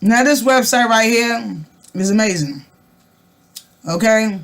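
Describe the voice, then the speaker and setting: A woman's voice: on the high side, slow pace. A woman vlogger talking to the camera in casual, fervent style, firing off emphatic rhetorical questions and often restarting her phrases. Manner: loose and conversational, with frequent restarts.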